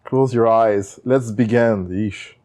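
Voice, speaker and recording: A man voicing a creepy, soft-spoken male priest in slow, solemn tones as a mock dub over a video game. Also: lowish voice, fairly even intonation, voice pushed down.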